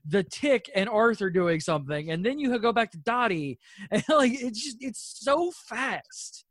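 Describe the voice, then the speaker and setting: A woman's voice: on the high side, lively intonation, unhurried, no room sound, studio quality. A woman co-hosting a podcast, chatting casually about a TV episode, rambling and giggling with lots of "like.". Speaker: podcast co-host. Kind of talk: casual chat reviewing a TV episode.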